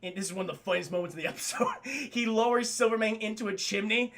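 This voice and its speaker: A young man's fairly high voice carries a bright, crackling fry as he talks his stream chat through a cartoon scene by scene. He swears casually, laughs at the funny bits, and slips into quick voiced quotes. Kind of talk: casual recap, addressing chat.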